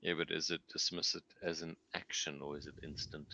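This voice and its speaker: A man playing a tabletop game with an extremely deep, gravelly voice. His tone is bright and forceful, and he reasons through the rules aloud at a deliberate pace. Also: little pitch movement. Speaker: player.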